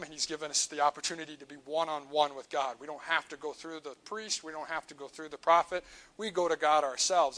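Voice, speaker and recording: A man preaching a sermon to his church, earnest, rising on key points and sinking quiet at the ends of lines. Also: fairly high pitch, rough recording. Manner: earnest, builds up then drops to a quiet close on key lines.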